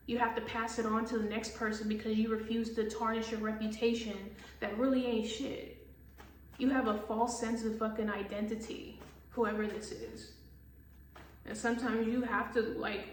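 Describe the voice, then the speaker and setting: A woman's voice: fairly high pitch, recorded from a distance. Blunt, profane woman tarot reader. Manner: blunt, profane, exasperated, laughs often. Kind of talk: casual tarot reading. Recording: echoey room with faint hiss.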